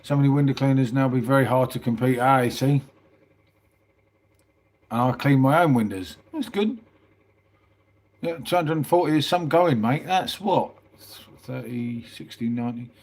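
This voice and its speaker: A middle-aged man talks casually on a live stream, answering viewer comments in a relaxed, rambling way. His voice sits at an ordinary pitch and he keeps dropping in "mate". He sounds a little tired. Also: moderate pace, pauses often. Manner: chatty, says "mate" often, reads out viewer comments. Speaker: livestream host.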